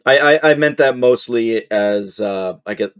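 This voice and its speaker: A man running a tabletop game as game master, his voice a little soft and scratchy, talking in a relaxed, hesitant way with many pauses. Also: mid-range voice, clean tone. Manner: laid-back, hesitant with many ums.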